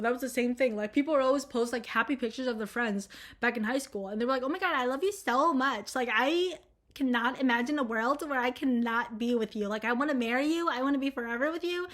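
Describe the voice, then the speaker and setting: A woman's voice: high-pitched, bright, forceful tone. A young woman in college talking frankly and profanely in a rambling vlog monologue, full of fillers. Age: young adult. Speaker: vlogger. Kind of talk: casual candid monologue.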